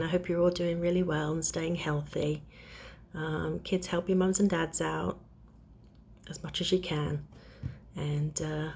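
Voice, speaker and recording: A young woman host reading a children's storybook aloud with gentle, chatty asides to the kids. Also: on the low side, slight background noise.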